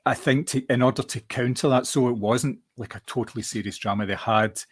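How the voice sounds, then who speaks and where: A man's voice: mid-range voice, fairly even intonation, fairly quick, slightly rough. A man co-hosting a podcast, reviewing films in casual chat, often repeating words while he thinks. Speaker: podcast co-host.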